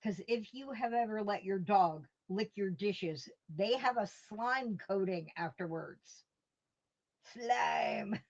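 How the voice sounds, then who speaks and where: A woman's voice: medium pitch, measured pace, hardly any pauses. A woman hosting a casual live stream from home, rambling through stories and answering her chat with chuckles. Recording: dull lo-fi stream audio.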